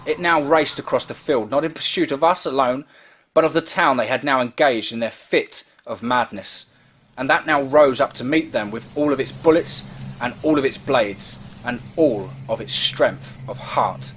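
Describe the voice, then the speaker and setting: A man's voice: medium pitch, moderate pace, a bit bright, slight background noise. A man narrating a first-person horror story in a tense, vivid way, building with the action.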